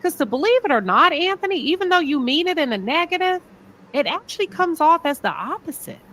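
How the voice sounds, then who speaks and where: Southern lady host, sassy, pitch jumps all over, keeps firing questions. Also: sing-song, brisk, fairly bright tone. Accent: Southern American. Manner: sassy, pointed rhetorical questions. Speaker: show host. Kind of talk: live talk show commentary.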